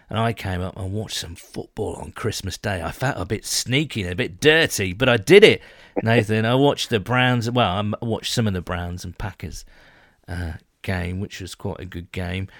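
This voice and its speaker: A man's voice: lowish voice, dry recording, studio quality. A man hosting a podcast in casual chat, rambling and jokey with lots of fillers. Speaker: podcast host.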